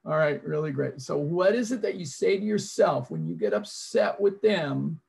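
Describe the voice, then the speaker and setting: High gravelly man leading a webinar. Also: sing-song, moderate pace, darkish tone. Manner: coaching, repeats phrases, prompts audience. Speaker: seminar presenter. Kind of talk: interactive online seminar.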